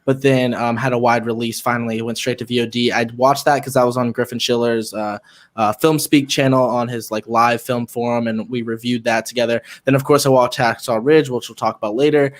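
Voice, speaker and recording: A man's voice: mid-range voice, fairly even intonation, brisk. A man from Florida, a podcast co-host chatting casually and rambling with many fillers. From Florida, United States. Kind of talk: casual chat.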